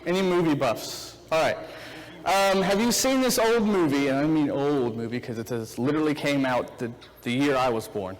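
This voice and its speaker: A man's voice: on the high side, moderate pace. A man in his thirties giving a casual, chatty sermon, retelling a film scene with acted-out quotes before turning to scripture. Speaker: preacher. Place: church hall. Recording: reverberant church hall.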